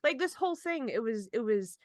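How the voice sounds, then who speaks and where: A woman's voice: on the high side, expressive, fairly quick, no room sound, clean studio sound. A woman co-hosting a podcast in casual chat, rambling and self-deprecating, laughing often. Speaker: podcast co-host.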